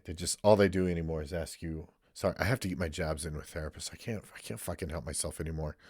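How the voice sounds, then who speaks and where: Male counselor, very deep voice, blunt and profane, loose rambling delivery, dry close sound. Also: slightly rough, no room sound. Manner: candid, blunt, swears freely; rambling with restarts and asides. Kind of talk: casual monologue.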